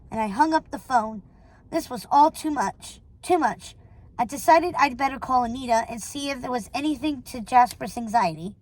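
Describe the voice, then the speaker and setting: A woman reading a novel aloud in a steady way, with small stumbles and self-corrections. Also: sits high, moderate pace, poor audio. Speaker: reader.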